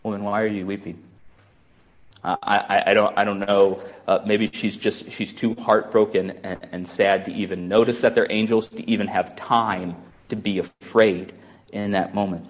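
A man's voice: on the low side, level tone, moderate pace. A pastor preaching a sermon in a musing, conversational way, often restarting his sentences.

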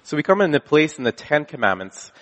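Pastor telling a story in a hall. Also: male voice, fairly high pitch, sing-song, a little fast, a bit bright. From Canada. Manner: casual storytelling with frequent restarts and self-corrections. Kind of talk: conversational sermon with a personal story. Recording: long hall reverb.

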